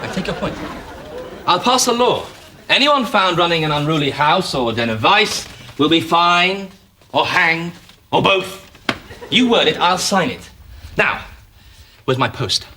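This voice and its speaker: An actor playing a bored, self-indulgent Roman governor who brushes people off with dry quips. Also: male voice, fairly high pitch, expressive, measured pace, long pauses, bright, forceful tone, a faint crowd, a little hiss or hum. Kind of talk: sitcom acting.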